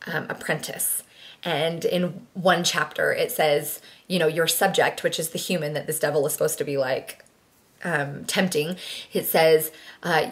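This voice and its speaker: A young woman chatting casually to camera, rambling with lots of fillers and restarts. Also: on the low side. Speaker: vlogger.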